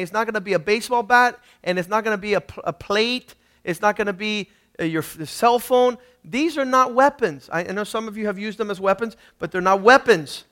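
High-voiced preacher man, emphatic sermon. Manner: emphatic preaching with congregation call-and-response; swings between loud emphasis and quiet asides. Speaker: pastor.

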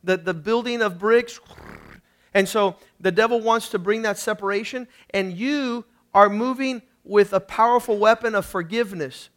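A man preaching a sermon with strong emphasis, calling on the congregation to repeat after him and swinging between loud emphasis and quiet asides. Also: high voice, moderate pace. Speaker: pastor.

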